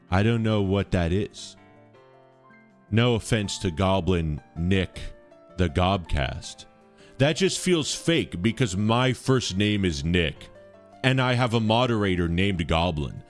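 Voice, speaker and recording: Young male streamer, low-pitched and lively, rambling slangy chat over faint background music. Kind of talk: casual live-stream chat.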